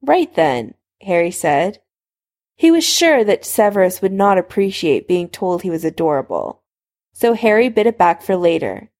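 A woman reading a fan fiction story aloud at a steady, unhurried pace. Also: fairly low pitch. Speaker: narrator.

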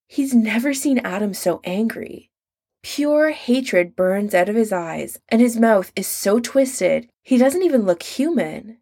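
Woman audiobook narrator, slow, measured, mid pitch. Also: lively intonation, gravelly, warm tone. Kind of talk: scripted narration.

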